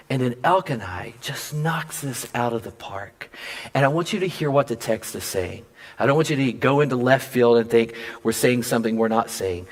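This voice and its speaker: A male pastor preaching at a mid-range pitch, telling a story from his own life. He acts out each quoted line and his voice jumps high when he is surprised. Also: lively intonation, fairly quick. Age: adult father. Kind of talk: sermon with personal storytelling.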